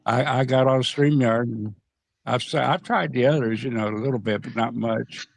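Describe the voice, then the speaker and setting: A man chatting casually on a streamed panel call, halting and repeating his words, laughing often. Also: medium pitch, creaky. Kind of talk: casual chat. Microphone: video call.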